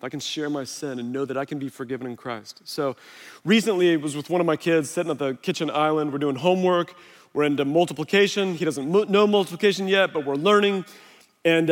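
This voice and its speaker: A middle-aged man, a pastor on a body mic, preaching a sermon in a relaxed, conversational way and telling stories against himself. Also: a little high. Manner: conversational, self-deprecating storytelling. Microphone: wireless body mic. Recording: long hall reverb.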